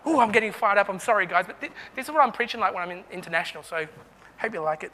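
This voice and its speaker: A man preaches with fervour, calling out to his congregation. His voice sits very high and sounds bright and forceful. A long reverb trails his words around the church hall. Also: fairly quick, a little hiss or hum. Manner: fervent, calls out to the congregation. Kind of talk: sermon.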